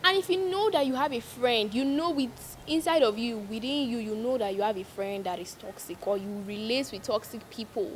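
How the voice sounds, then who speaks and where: A woman's voice: a little high, fairly quick, few pauses, slight background noise. A young woman vlogger giving emphatic, preachy advice to her viewers, repeating lines for stress. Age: young adult. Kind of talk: casual advice monologue to viewers.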